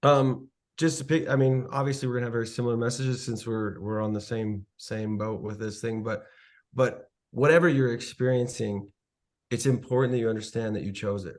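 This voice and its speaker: A man talking as a podcast guest, relaxed and earnest, giving motivational advice. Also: mid-range voice, brisk. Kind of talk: casual interview talk.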